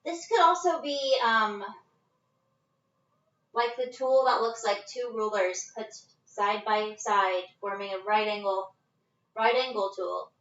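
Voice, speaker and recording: Her voice sits on the high side, bright and forceful, captured by a phone far away in her living room, so it's reverberant with the highs cut off. She's a yoga instructor leading a live-streamed class, casual, chatty, slightly breathless, and prone to laughing.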